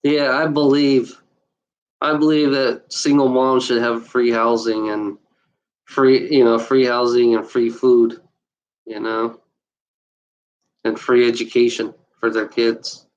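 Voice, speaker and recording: A man's voice: mid-range voice, little pitch movement, slow, long pauses, highs cut off. A man ranting bluntly and profanely in a casual video, with many restarts and filler words. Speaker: video maker. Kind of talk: casual unscripted rant.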